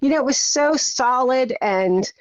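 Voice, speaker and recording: A middle-aged woman, appearing as a guest on a podcast, tells her story energetically in a conversational interview and acts out her own thoughts. Her voice sits high and moves a little slowly. The recording is dry, and the audio sounds slightly dull and muffled.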